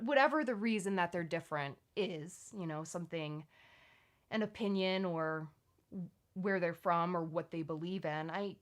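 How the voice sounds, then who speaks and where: A woman's voice: fairly low pitch, a bit bright. A woman co-hosting a live podcast stream, talking casually in an earnest, reflective way with many restarts and fillers. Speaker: podcast co-host.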